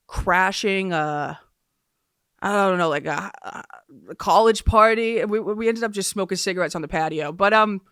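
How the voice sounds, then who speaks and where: A woman's voice: mid-range voice, fairly bright tone, no room sound. A woman hosting a casual podcast, rambling through stories with fillers and frequent laughs, recorded on a close studio mic. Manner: rambling storyteller, laughs often, many fillers. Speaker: podcast host. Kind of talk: casual solo podcast chat.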